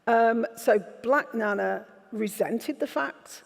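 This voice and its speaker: A woman's voice: fairly high pitch, slow pace, gravelly. A woman, an author telling candid, wry stories in an onstage festival conversation. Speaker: author guest. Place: festival event stage. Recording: reverberant festival hall.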